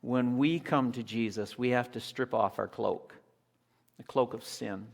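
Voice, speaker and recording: Animated male preacher in an echoey hall. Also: mid-range voice, unhurried, gravelly. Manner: animated storytelling, acts out scenes. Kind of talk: sermon.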